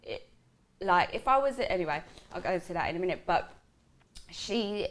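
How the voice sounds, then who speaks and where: A woman's voice: fairly low pitch, normal speed. A woman, telling a story to friends in a casual vlog chat and acting out the lines of the people in it. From South London. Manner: animated, acts out quoted lines, swears. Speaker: vlogger.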